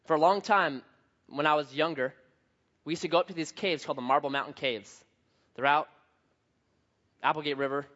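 A man pastor preaching a sermon, telling a story with lively swings from hushed to loud. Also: a little high, brisk, long pauses. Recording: dull lo-fi sound.

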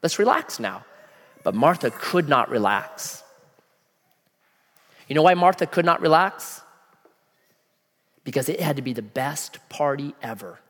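Animated preacher with a lively voice. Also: male voice, fairly high pitch, a little slow, long pauses. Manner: animated, acts out voices of people in the story; casual slang, asks the audience questions. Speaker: pastor. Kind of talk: sermon. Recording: long hall reverb.

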